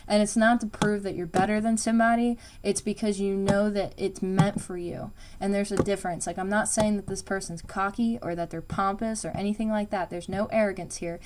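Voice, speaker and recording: A woman talks through a tarot reading in a loose, rambling way, dropping fillers and swearing for emphasis. Her voice sits at an ordinary middle pitch. A faint background noise runs under the recording. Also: steady tone, brisk, few pauses, a little mellow. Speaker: tarot reader. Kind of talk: casual spoken tarot reading.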